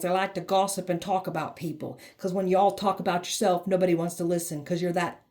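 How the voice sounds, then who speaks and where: Blunt, sassy woman with a mellow voice. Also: lowish voice. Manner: blunt, sassy, swears freely; mocking, heated delivery. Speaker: tarot reader. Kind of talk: tarot reading monologue.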